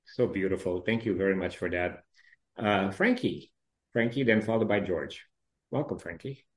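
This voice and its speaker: A man chairing a recovery meeting over a video call, soft-spoken and gracious as he calls on each speaker. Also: sits low, expressive, moderate pace.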